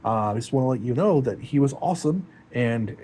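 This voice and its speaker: Grieving guy talking to his camera, heartbroken, rambly and stop-start, mid pitch, faint noise behind. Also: expressive, warm tone. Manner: rambling and halting, emotional. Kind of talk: personal confessional vlog.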